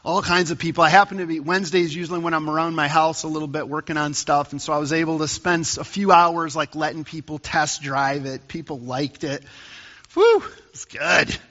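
A male pastor delivers a conversational sermon, building up emphasis as he tells a story. His voice sits a little high and sounds bright and forceful. The recording is slightly muffled and carries a long reverb from a large church. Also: fairly even intonation, a little fast.

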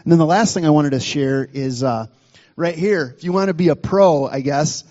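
A man's voice: fairly high pitch, moderate pace, mellow, highs cut off. Casual preaching man, echoing hall. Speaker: pastor. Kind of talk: sermon.

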